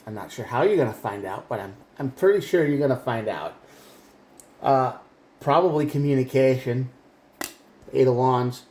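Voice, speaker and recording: A man's voice: medium pitch, moderate pace, long pauses, darkish tone, echoey room. A man giving a rambling, emphatic tarot reading, often restarting his sentences. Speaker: tarot reader.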